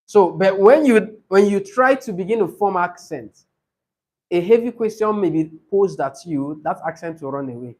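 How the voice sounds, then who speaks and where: A man with a high voice and a Nigerian English accent leads a pronunciation lesson. He speaks emphatically and repeats key words so they stick. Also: lively intonation, moderate pace, a little mellow. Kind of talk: classroom teaching.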